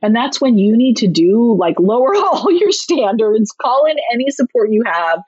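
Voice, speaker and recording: A woman's voice: fairly high pitch, sing-song, normal speed, darkish tone, breathy edge, no room sound. A woman and parenting author, explaining emphatically and chattily in an interview. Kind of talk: conversational advice interview. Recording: slightly muffled recording.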